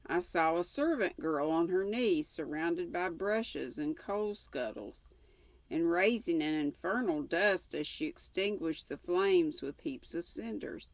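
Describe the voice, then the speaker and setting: An older woman reading a classic novel aloud, unhurried, with casual asides now and then. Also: fairly low pitch, animated, dry recording. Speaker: audiobook reader.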